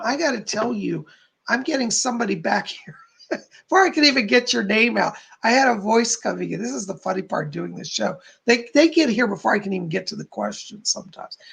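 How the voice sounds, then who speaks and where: A man hosting a live stream, softly relaying spirit messages and thanking donors as a psychic medium. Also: high voice, vocal fry, breathy edge.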